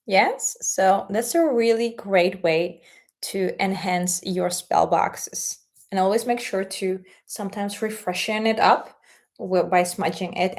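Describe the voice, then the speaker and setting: Lady host going through spell boxes and crystals, slow easy talk, mid-pitched. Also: a little mellow. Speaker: spiritual content host. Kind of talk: casual spell-craft tutorial.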